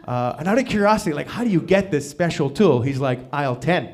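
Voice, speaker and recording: A man doing an open mic stand-up set in a small venue, halting and self-deprecating, full of ums and restarts. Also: on the high side, expressive, a little mellow. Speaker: stand-up comic. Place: small live comedy venue.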